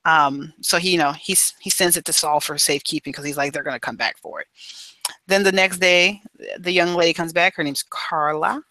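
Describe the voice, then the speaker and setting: Bright, loose-talking podcast co-host man. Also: a little high, steady tone, normal speed, no echo, low-quality recording. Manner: rambling and loose, with many fillers and casual paraphrase. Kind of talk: casual book review chat.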